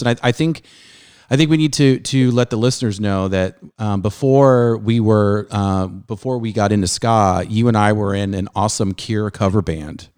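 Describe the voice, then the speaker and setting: A man's voice: lowish voice, darkish tone, clear, resonant tone, dry recording, studio quality. A middle-aged man hosting his music show, chatting eagerly with an old friend and rambling with many restarts and fillers. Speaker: podcast host. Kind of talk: casual chat.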